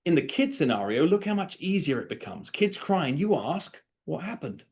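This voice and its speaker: A man coaching real estate agents on an online call, lively, acting out sample conversations in quoted voices. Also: on the high side, normal speed, gravelly. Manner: animated, acts out sample dialogues. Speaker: sales coach. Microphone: video call.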